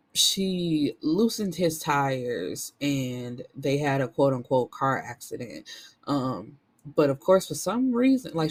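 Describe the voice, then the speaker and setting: A woman's voice: a bass voice, darkish tone. A woman recaps a novel in a loose, chatty way, dropping frank asides as she goes. She speaks as a book reviewer addressing her viewers. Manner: candid, chatty, blunt asides.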